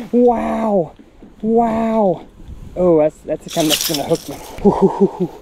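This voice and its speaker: A man, hosting a fishing vlog from a boat outdoors, excitedly exclaiming and talking to the fish as he catches them. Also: high voice, slow, creaky, background noise. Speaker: fishing channel host.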